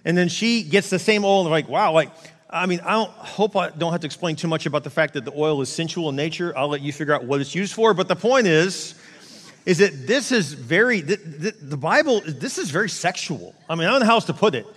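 High-voiced male pastor in a reverberant hall. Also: fairly quick. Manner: conversational, animated, frequent restarts and quoted asides. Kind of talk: sermon. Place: large church hall.

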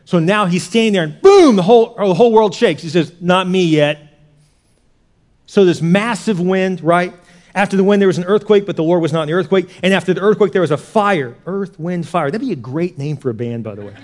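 A male pastor preaching a sermon in an animated way, swinging from loud punches to hushed near-whispers. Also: high-pitched, fast talker.

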